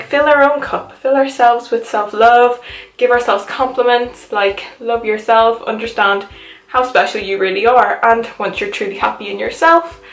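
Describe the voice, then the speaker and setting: A woman's voice: on the high side, reverberant, low-quality recording. Chatty young Irish woman. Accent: Irish, mixed with Liverpool and American. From Ireland. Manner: chatty, upbeat, lots of "like". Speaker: vlogger. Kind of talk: casual chat to camera. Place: her home.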